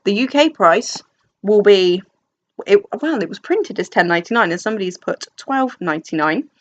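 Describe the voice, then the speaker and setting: A woman's voice: mid-range voice, lively intonation, normal speed, dull audio. A young woman from England chatting casually about books, rambling and self-deprecating with many fillers and restarts. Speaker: book vlogger. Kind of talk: casual chat. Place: dim room at home.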